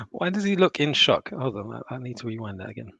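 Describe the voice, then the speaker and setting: A man hosting a live stream eats while reacting to a video, chatting casually, laughing often and stopping to rewind. His medium-pitched voice swings widely in pitch at a moderate pace and sounds creaky, pushed, bright and husky, captured on a dull, lo-fi, dry mic.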